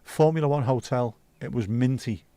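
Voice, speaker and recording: Male host, mid-pitched, easygoing and sweary, dry sound. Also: normal speed, warm tone, no room sound. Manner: laid-back, sweary banter. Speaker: livestream host. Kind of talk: casual chat reading viewer comments.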